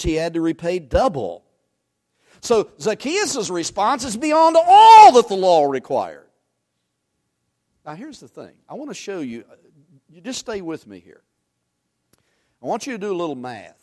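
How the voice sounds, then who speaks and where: A man preaching a sermon, animated, swinging from loud emphasis to hushed asides and quizzing the congregation. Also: on the high side. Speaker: pastor.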